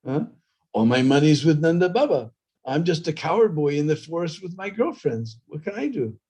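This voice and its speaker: A playful young cowherd god talks in an easy, offhand way, as a male storyteller voices him. He stays calm and firm even when others plead. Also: fairly high pitch, normal speed, slightly rough.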